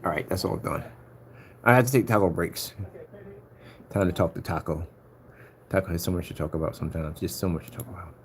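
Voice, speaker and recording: A man's voice: deep voice, a little fast, long pauses, a little hiss or hum. A man casually walking through editing his shop website, chatty and playful, talking to himself and a pet and slipping into sing-song chants. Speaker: online shop owner. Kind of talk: casual screen-recorded website walkthrough.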